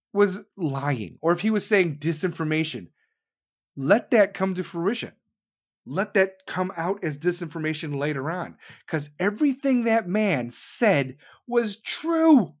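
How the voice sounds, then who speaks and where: A man hosting a show, ranting casually with heavy swearing and mocking impressions of people. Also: high-pitched. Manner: loud, animated, heavy swearing, mocking voices. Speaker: show host. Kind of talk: profane rant on a talk stream.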